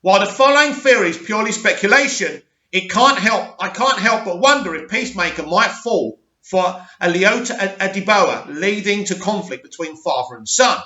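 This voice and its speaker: A young man hosting a channel, reading news articles aloud with opinionated asides and a slightly hoarse voice. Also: sits high, animated, normal speed, hardly any pauses, sharp tone. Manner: reads aloud, stumbles on names, adds opinionated asides. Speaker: host. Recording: roomy, slightly dull sound.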